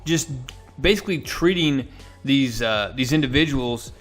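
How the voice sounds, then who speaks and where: A man's voice: medium pitch, animated, unhurried, a bit bright, faint music behind. A man casually recapping and reviewing a comic book issue, enthusiastic and recounting with small restarts.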